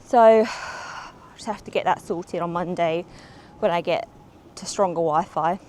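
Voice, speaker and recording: Slight background noise surrounds a woman with a lowish, slightly mellow voice as she vlogs unhurriedly on city streets and transit. A little out of breath, she rambles casually with plenty of ums into a small clip-on mic.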